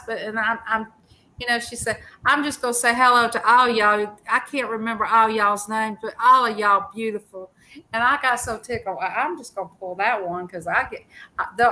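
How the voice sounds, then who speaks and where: Bright, giggly woman telling a story. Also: a little high, fairly even intonation, normal speed, rough recording. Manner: giggly storyteller, easily tickled. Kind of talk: casual live-stream chat.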